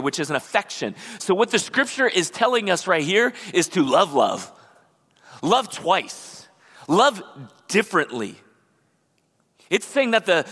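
Male pastor, bright high voice, animated sermon delivery, reverberant church hall. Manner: animated preacher who acts out the people he describes. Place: church sanctuary.

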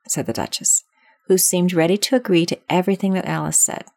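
A woman's voice: low-pitched, a little fast, creaky, a little mellow, no echo. Woman reading a storybook aloud. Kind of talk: storybook narration.

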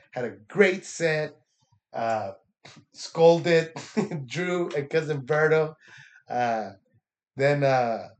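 A young man, a stand-up comedian from Texas, giving a loose, profane recap of his week, laughing often and acting out what people said. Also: fairly high pitch. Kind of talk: casual recap monologue.

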